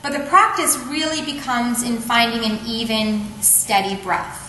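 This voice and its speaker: A woman teaching a yoga breathing technique in a calm, patient way, often checking in with "okay?". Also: fairly high pitch, unhurried, slight background noise. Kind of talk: instructional explanation. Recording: echoey room, faint ambience.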